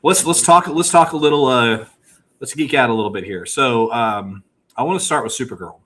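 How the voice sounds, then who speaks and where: A man's voice: medium pitch, animated, fairly bright tone. A middle-aged man hosting a casual podcast, upbeat and rambling as he geeks out. His voice sits right in the middle range. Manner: upbeat, geeky, quick rambling. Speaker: podcast host. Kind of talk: casual chat.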